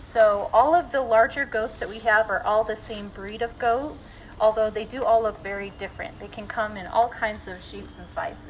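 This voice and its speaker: A woman's voice: mid-range voice, normal speed, a little hiss or hum, low-quality recording. A woman zookeeper giving a friendly live talk outdoors at an animal exhibit, explaining with frequent ums.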